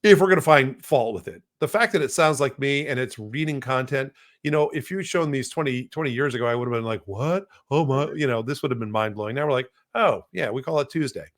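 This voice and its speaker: A man's voice: medium pitch, quick pace, hardly any pauses, fairly bright tone. Man, podcast co-host, casual and rambling, filler-heavy demo talk.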